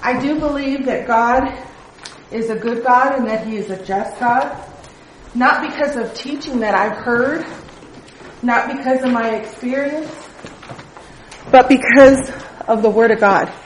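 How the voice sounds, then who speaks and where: A woman's voice: a little high, a little slow, pauses often, a little hiss or hum. A middle-aged woman leading a Bible study, telling a personal testimony in an earnest, conversational way. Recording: echoey room.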